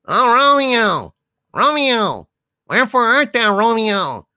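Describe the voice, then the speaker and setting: A man voicing a crude, cheeky male sidekick with a squeaky, indignant tone. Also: big pitch swings, slow, sharp tone, clear, resonant tone, dry recording, clean studio sound, heavily acted. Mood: mocking.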